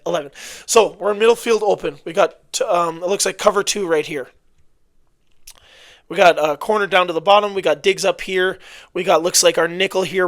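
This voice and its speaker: A man's voice: high-pitched, no echo. A man breaking down football game film in casual commentary, blunt and often exasperated, correcting himself as he goes. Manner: blunt, animated, exasperated outbursts with self-corrections.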